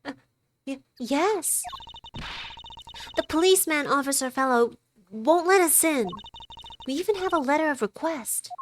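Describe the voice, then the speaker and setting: A woman's voice: high voice, expressive, measured pace, long pauses, slight background noise, voice pushed up. A woman voicing a bubbly, naive teenage girl magician, read from a game's dialogue with wide-eyed curiosity. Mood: flustered.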